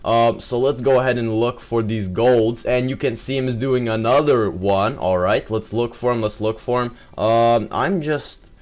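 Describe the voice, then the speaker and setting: A young man giving excitable live commentary over his own gameplay, full of exclamations and fillers. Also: medium pitch, normal speed, few pauses.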